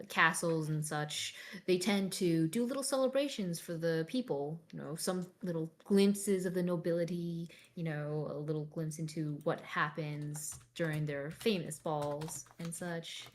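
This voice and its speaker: A woman's voice: sits low, a little slow, a little hiss or hum. A woman playing a weary, drifting former bodyguard in a tabletop game, speaking politely in a hesitant, rambling way. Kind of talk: tabletop role-play in character.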